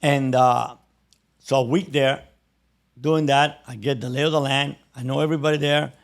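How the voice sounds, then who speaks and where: A man's voice: medium pitch, fairly even intonation, moderate pace, vocal fry. A man in his sixties with a Cuban-American accent, telling stories from his life in a casual interview and acting out the other people in them. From Cuba. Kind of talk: casual storytelling.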